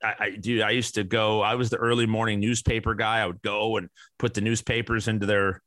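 Brief: forceful, low-voiced male podcast host in his forties, profane and blunt, ranting on a bone-dry mic. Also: little pitch movement, fairly quick, no echo. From American Midwest. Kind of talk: ranting monologue.

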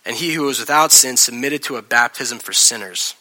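Bright, animated male preacher. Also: medium pitch, a little fast. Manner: animated, acts out scenes with shifting voices; casual, chatty delivery with laughs. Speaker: pastor. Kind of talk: sermon.

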